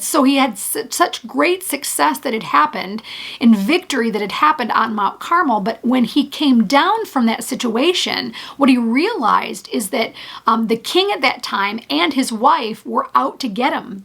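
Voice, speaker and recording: A woman's voice: high-pitched, vocal fry, a bit bright. A woman and ministry leader giving an earnest, encouraging devotional talk, often restarting her phrases.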